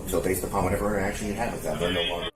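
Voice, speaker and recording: A male police officer calmly and politely negotiating with a man. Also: sits low, racing, a crowd in the background. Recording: body cam with voices behind.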